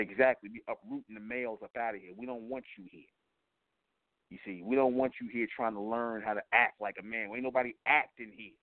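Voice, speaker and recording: Male radio host, middle pitch, preachy, repetitive and profane, phone-line sound with no reverb. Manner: preachy and repetitive, keeps asking "you see?"; blunt and profane. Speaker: internet radio talk show host. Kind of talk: lecturing radio monologue. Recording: tinny phone-line audio, dry.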